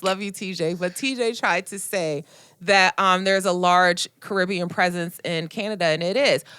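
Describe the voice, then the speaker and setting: A young woman co-hosting a casual podcast, talking in an animated, opinionated way with quick asides. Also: medium pitch, clear, resonant tone. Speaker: podcast co-host. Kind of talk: casual chat.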